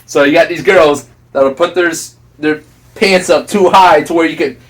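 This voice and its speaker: A man's voice: fairly high pitch, normal speed, a bit bright, distant mic. A man co-hosting a casual talk podcast, earnest and preachy, laughing often as he makes his points. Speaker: podcast co-host. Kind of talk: casual opinion chat.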